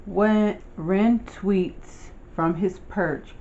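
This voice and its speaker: Slow, deliberate picture-book reader. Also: mid-range voice, darkish tone, muffled recording. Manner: slow, deliberate storytelling delivery. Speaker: storybook reader. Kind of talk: reading a picture book aloud.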